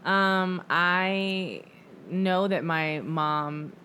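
A woman's voice: lowish voice, fairly even intonation, extremely slow, sharp tone, a little hiss or hum. Blunt, casual young woman co-host. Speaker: podcast co-host. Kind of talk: casual chat.

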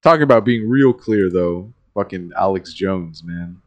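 Brief: American male co-host, low-pitched, dry sound, loose and profane. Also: measured pace, no echo. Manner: swears a lot, animated and joking. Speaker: podcast co-host. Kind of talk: casual podcast chat.

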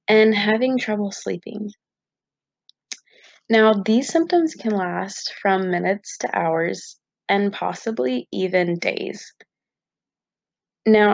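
A woman's voice: mid-range voice, no echo. A young woman vlogging to her viewers in a candid, chatty way with lots of fillers. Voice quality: gravelly fry. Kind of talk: casual talk to camera.

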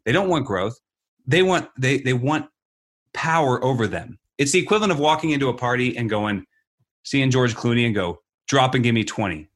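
A man's voice: medium pitch, lively intonation, moderate pace, fairly bright tone. A man co-hosting a podcast in casual, opinionated chat, talking emphatically with frequent restarts and acting out the people he describes. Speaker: podcast co-host.

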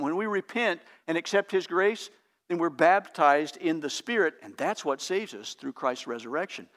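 A pastor preaching a sermon in an earnest, emphatic, teacherly way. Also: male voice, sits high, a bit bright.

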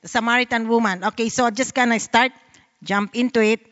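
A woman's voice: fairly high pitch, fairly even intonation, fairly quick, a bit bright, big-room sound, muffled recording. A woman with a Filipino accent giving an earnest sermon, reading Bible verses aloud and explaining them. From Philippines. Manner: earnest, reads scripture then explains it. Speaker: Bible study speaker.

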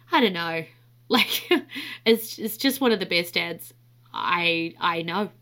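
A woman's voice: fairly low pitch, fairly bright tone. A young woman from New Zealand with a New Zealand accent, hosting her podcast in a chatty, candid monologue with frequent laughs. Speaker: podcast host.

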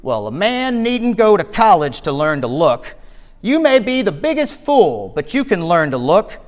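A man's voice: high voice, sing-song, a little slow, long reverb tail. A man voicing a thin, uneducated lay preacher with an Essex accent who talks in plain, ungrammatical country speech. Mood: earnest.

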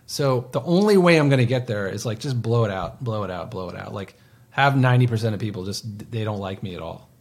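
A man in his forties co-hosting a podcast, talking in a rambling, casual way with lots of fillers and soft trailing endings. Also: fairly low pitch, lively intonation, a little fast, breathy edge. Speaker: podcast co-host. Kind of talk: casual chat.

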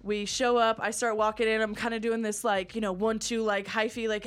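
A young adult woman hosting a podcast, telling a story in casual, profane, animated chat that often runs fast. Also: a little high, clean tone. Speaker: podcast host.

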